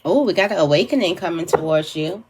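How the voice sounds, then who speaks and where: Woman, lowish voice, tarot reader, casual to-camera reading, meandering, fillers and restarts. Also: lively intonation, fast talker, a little mellow, slight background noise.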